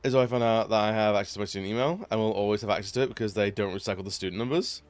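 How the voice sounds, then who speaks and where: A man's voice: fairly low pitch, racing, no echo. A young man in his twenties chatting casually on a live stream, rambling and laughing often. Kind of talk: casual chat.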